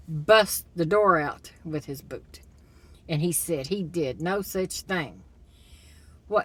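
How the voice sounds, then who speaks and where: A woman talking casually to her audience at a middle pitch. She retells what someone did in plain everyday speech, then delivers her own blunt, disapproving verdict. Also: breathy edge. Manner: retells a story, then offers blunt, critical opinions. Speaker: commentator. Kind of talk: casual opinion monologue.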